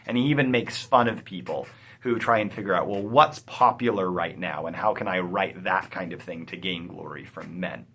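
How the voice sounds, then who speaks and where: A man hosting a poetry channel, explaining a poem in an animated, emphatic way, with some fillers. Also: low-pitched, normal speed, husky. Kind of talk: explanatory video lecture.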